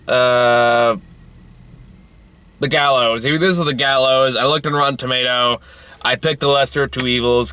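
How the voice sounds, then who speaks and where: A man's voice: mid-range voice, pushed and bright, clear, resonant tone, dry recording. A tired young man reviewing a film on his own, rambling and swearing with frequent restarts. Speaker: movie reviewer. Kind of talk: casual solo film review.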